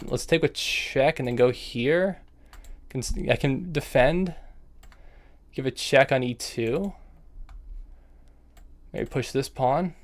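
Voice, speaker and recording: Man thinking aloud through a chess game. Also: mid-range voice. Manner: thinking aloud move by move, muttering half-finished phrases; bursts of self-scolding and nervous fretting. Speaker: chess streamer. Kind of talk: live-streamed commentary while playing online chess.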